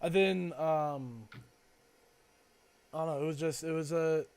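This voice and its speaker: High-voiced young man musing casually. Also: unhurried, a little mellow, smooth. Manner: rambling, heavy on fillers, reflective. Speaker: podcast co-host. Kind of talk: casual chat.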